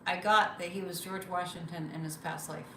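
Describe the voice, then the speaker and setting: A woman's voice: fairly low pitch, fairly even intonation, moderate pace, reverberant, noisy background. A woman hosting a psychic livestream, chatting casually, reading viewer comments and repeating phrases for emphasis.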